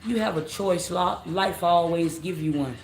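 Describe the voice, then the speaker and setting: Her fairly low, darkish voice keeps a measured pace as she reads tarot on a late-night stream. She rambles in slang, says things over again, scolds commenters and calls her viewers family, all in a roomy echo with faint background noise.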